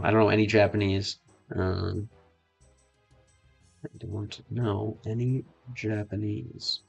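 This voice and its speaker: On the low side, creaky and slightly rough, this man's voice comes from a US streamer learning French. His casual gameplay chat is halting, as he tries out phrases and frequently stops to repeat them.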